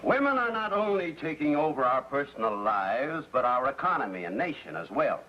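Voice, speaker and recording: A man's voice: medium pitch, very animated, a little fast. An actor playing a bumbling middle-aged suburban husband and father in 1950s sitcom acting, flustered and given to pompous speeches. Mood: grumbling. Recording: dull lo-fi 1950s TV soundtrack with faint hiss.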